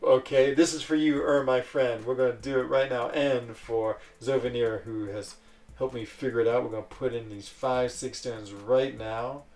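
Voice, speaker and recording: A man's voice: medium pitch, steady tone, moderate pace, a little mellow, distant mic. A man casually chatting on a live stream, reading out and answering chat messages in a rambling way. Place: lives in a village in Switzerland.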